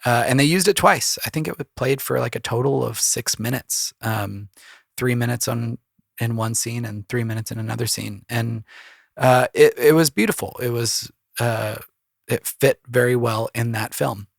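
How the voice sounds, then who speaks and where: Gravelly-voiced man with a cold. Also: mid-range voice, normal speed, no echo, clean studio sound. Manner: loose, rambling advice with many fillers. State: has a cold, voice deeper than usual. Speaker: composer and podcast host. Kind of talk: casual solo podcast talk.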